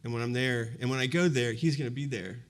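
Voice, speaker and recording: A fast-talking man in his fifties with a mid-range voice shares a personal story at a university event before a live audience. His telling is conversational and reflective, full of fillers like "you know."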